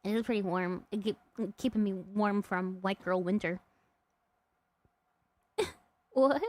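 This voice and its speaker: A woman's voice: medium pitch, takes it slowly, darkish tone, no room sound. A woman streamer chatting casually and rambling, laughing often and snacking as she talks. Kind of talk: casual live-stream chat.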